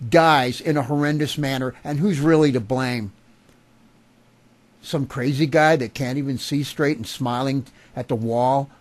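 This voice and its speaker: A man's voice: medium pitch, steady tone, a little slow, a little mellow, dry recording. Furious man ranting profanely. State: agitated. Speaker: vlogger. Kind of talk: angry political rant to camera.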